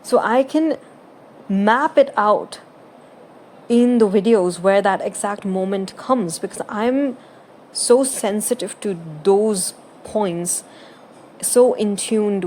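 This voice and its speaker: A woman's voice: mid-range voice, a little mellow, a little hiss or hum. A woman who makes gaming videos, talking through her opinions in casual, earnest and emphatic commentary.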